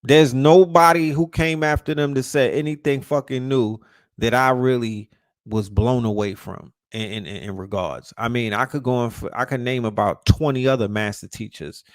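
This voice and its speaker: A man's voice: medium pitch, moderate pace, no echo, studio quality. Heated, profane man ranting. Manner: repeats and restarts words when fired up. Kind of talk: casual rant.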